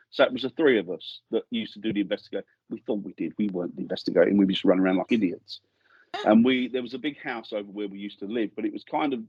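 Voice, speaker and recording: A man's voice: on the low side, breathy edge, no echo, muffled recording. A middle-aged man from England, a guest in a podcast studio, telling ghost-hunting stories in a rambling way that keeps restarting sentences. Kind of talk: casual storytelling interview.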